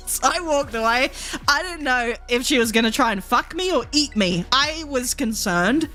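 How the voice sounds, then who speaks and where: A woman's voice: on the high side, animated, normal speed, pushed and bright. Chatty woman streamer with music behind. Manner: chatty, laughs often, swears, mimics characters. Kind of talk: casual live-stream chat.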